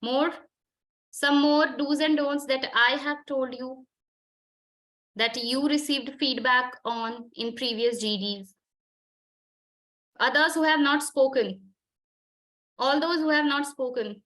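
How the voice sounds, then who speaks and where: Insistent Indian woman trainer, high bright voice. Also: slow pace, long pauses. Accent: Indian English. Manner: probing, insistent questioning, mixing Hindi and English. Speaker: communication skills trainer. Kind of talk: online group discussion coaching.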